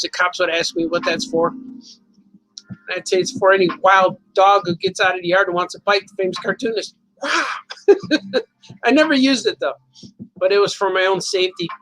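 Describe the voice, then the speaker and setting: A man with a high, bright voice hosts a casual live stream. He rambles from one joke to the next and laughs at his own stories. Soft music plays faintly behind him. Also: low-quality recording. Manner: rambling, jokey, laughs often. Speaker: cartoonist hosting a live show.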